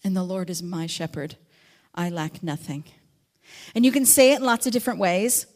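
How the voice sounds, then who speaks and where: A woman giving a teaching talk on a psalm, telling stories with acted-out voices and slowing down reflectively on key lines. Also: fairly low pitch. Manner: animated storytelling, acts out quotes and sheep with sudden loud voices; reflective, slows and softens on key verses. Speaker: Bible teacher.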